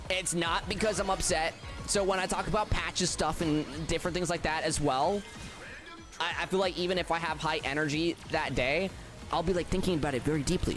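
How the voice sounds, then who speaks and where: A tired man chats casually with his viewers during a game stream. His fairly high voice is flat and subdued, and he stumbles over restarts as he talks. Faint music plays underneath. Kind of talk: casual livestream chat with viewers.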